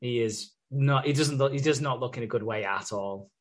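A man's voice: medium pitch, moderate pace. A young man with an ordinary mid-range voice chatting on a podcast. He recaps soap episodes in a loose, sweary way. Now and then he briefly takes on the characters' voices as he goes. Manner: sweary, recaps scenes by acting out characters' lines. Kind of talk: casual chat.

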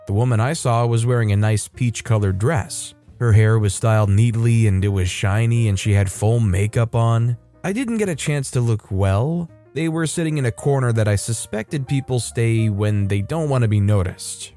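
A man narrating a first-person story in an even storytelling manner, lightly voicing the dialogue. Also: lowish voice.

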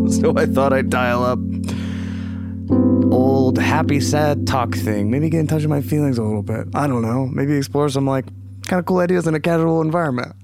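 A man's voice: medium pitch, steady tone, normal speed, loud music behind the voice. A man hosting a casual comedic podcast on his own, goofy and rambling, swearing freely and slipping into silly voices. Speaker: podcast host.

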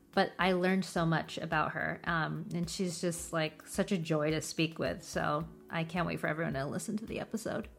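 A woman's voice: lowish voice, creaky, fairly bright tone. A woman co-hosts a podcast in casual conversation. She reacts eagerly and chimes in with short, enthusiastic remarks. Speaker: podcast co-host.

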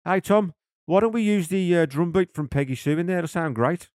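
A man doing a rough impression of a cheerful male record producer with a put-on Birmingham accent. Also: sits high, brisk, a little mellow, dry recording, clean studio sound, voice pushed up, close to an everyday voice. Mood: breezy.

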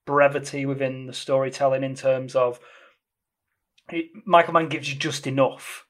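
A man talks through a film's story in a loose, rambling way. He stops to correct himself often and keeps adding details as he goes. His voice sits at an ordinary middle pitch. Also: flat delivery, moderate pace. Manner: rambling, self-correcting, explanatory. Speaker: podcast co-host discussing a film. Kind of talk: casual film discussion.

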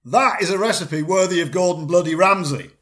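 A man, chatting in a deadpan comedy double act, pedantic and self-assured, rambling with restarts. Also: sits high, fairly quick.

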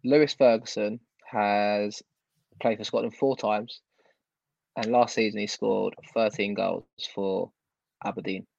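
A man's voice: on the low side, steady tone, slow pace, creaky, a little mellow, no echo. A man in casual football chat, blunt and ranting, with some swearing. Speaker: football podcast co-host. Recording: dull lo-fi sound.

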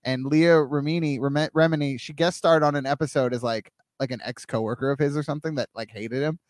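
A man riffs through a comedic podcast chat in a playful, tangent-prone way. His voice sits a touch high. The sound is dry and close to the mic. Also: fairly even intonation, brisk, no room sound. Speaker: podcast co-host.

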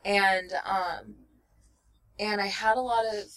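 A woman's voice: medium pitch, fairly even intonation, slow pace, fairly bright tone, far from the mic. A young woman telling a personal story in casual conversation, rambling with many fillers and acting out what people said. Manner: rambling, full of fillers, laughs often, acts out quotes. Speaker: guest.

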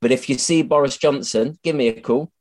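A man appears as a comedian guest on a podcast, chatty and self-mocking, swearing freely and often starting his sentences over. His voice is mid-range with a darkish tone, and he talks fairly quickly.

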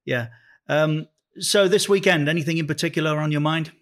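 A man's voice: fairly high pitch, brisk, a bit bright. A man hosting a football podcast in casual chat, with frequent stammering restarts. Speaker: podcast host.

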